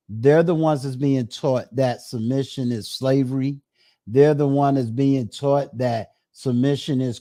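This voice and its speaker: A man's voice: medium pitch, warm tone, dry recording, clean studio sound. A middle-aged man hosting a casual live-stream chat, drawing out his phrases with many fillers. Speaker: host.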